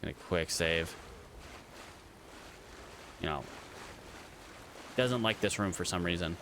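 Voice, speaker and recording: A man's voice: low voice, slow pace, a bit bright, slight background noise. A man casually commenting as he streams a game, chatting to viewers and to creatures on screen.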